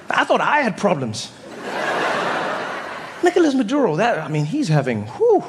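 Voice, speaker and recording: A man doing stand-up comedy on stage, an animated storyteller who acts out voices. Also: high-pitched. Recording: live hall reverb, faint noise.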